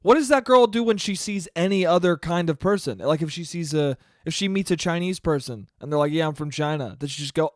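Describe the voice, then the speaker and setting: A young man hosting a solo podcast, telling stories in a sarcastic, animated way and mocking people with quoted voices. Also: on the high side, a little fast, hardly any pauses, no room sound, clean studio sound. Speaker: podcast host. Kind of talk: solo comedic podcast rant.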